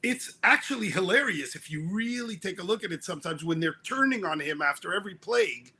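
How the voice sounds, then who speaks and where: A man's voice: sits high, lively intonation, fairly quick, sharp tone, husky. A man who is the guest on an interview, telling funny stories in a joking manner. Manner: joking storyteller. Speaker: guest, author. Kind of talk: casual interview talk.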